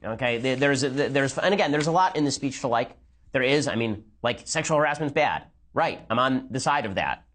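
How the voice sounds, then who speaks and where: A man giving rapid, sarcastic commentary as he reacts to a speech and argues his point. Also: mid-range voice, lively intonation, a bit bright. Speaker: political commentator.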